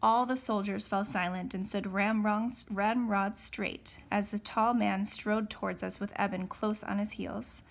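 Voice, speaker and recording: This woman, a teacher, is reading from a novel in an unhurried, creaky voice of medium pitch. She stays steady with few pauses, though she corrects herself now and then.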